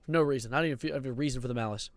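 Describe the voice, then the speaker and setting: A young man streaming casual commentary, excitable and rambling, swearing and breaking into sudden loud outbursts. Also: medium pitch, rapid-fire, no room sound, clean studio sound.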